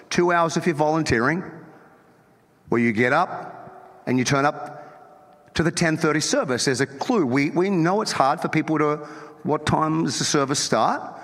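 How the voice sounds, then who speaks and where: A man delivers a sermon from the pulpit with a somewhat high, bright voice, mixing teasing humor with firm emphasis. He often restarts a thought by repeating a word or two. His voice trails off into the long reverb of a large church hall. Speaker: pastor. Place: church auditorium.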